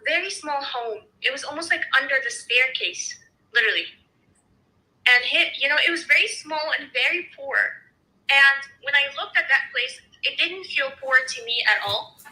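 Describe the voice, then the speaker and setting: A woman in casual conversation, telling a personal story in an animated way and acting out the people she quotes. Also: sits high, low-quality recording. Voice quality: expressive, animated storyteller who acts out quotes.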